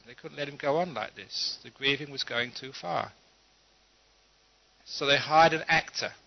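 Calm man giving a Buddhist talk. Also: medium pitch, muffled recording. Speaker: Buddhist teacher. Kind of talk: dharma talk with storytelling.

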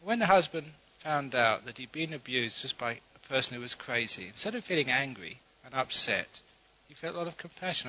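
A male Buddhist teacher tells a parable in an easy, chuckling way and leaves plenty of pauses. His voice sits at a middle pitch. The recording is slightly dull and lo-fi. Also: slight background noise. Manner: relaxed, chuckling storyteller with pauses. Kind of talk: humorous dharma talk with storytelling.

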